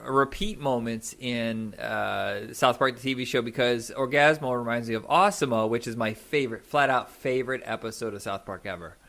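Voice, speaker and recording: A man in an easygoing podcast conversation, talking at a middling pitch that sits right in the usual range. He rambles, backtracks and fills gaps with "uh" and "um" while he looks for the right words. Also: moderate pace, creaky, few pauses, a bit bright. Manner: rambling, searching for words with many fillers. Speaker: podcast co-host. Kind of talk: casual chat.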